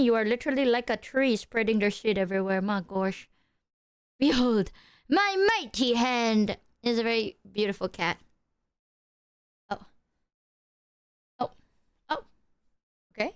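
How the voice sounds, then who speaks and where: A young woman livestreaming casual chat, animated and giggly, talking to her cat at her desk mic. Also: on the high side, clear, resonant tone, no room sound, clean studio sound. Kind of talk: casual live-stream chat.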